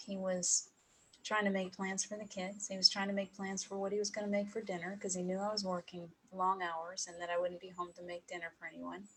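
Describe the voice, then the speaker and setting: A middle-aged woman giving a heartfelt personal talk to an audience, emotional and pausing, with soft laughs. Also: fairly low pitch, husky, poor audio. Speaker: speaker at an evening talk.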